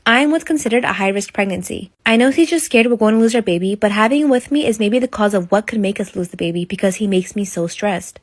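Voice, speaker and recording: A woman reading out a personal forum story in a flat, quick recital. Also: medium pitch, dry recording. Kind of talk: rapid scripted narration.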